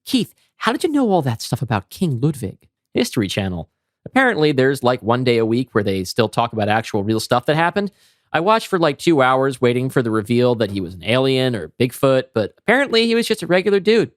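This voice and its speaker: Casting: a man as a wry, rambling young man, quick and offhand. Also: mid-range voice, very animated, dry recording, clean studio sound, natural voice. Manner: chatty, wry, rambling asides. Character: young man gossiping over breakfast.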